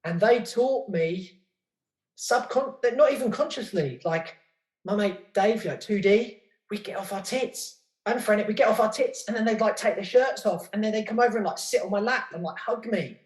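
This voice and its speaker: A middle-aged British man with a high voice speaks at a normal speed, chatting candidly in an interview. He rambles, swears freely and trips over repeated words while thinking, in the role of podcast guest and host. The room has a noticeable echo.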